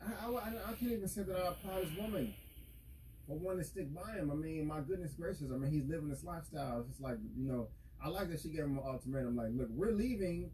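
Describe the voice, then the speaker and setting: A man's voice: on the high side, fast talker, darkish tone, a little hiss or hum, low-quality recording. A man hosting a reaction video, recapping a TV episode in loose, rambling casual talk with lots of fillers. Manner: rambling, full of fillers, acts out characters' lines. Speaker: YouTube reaction host.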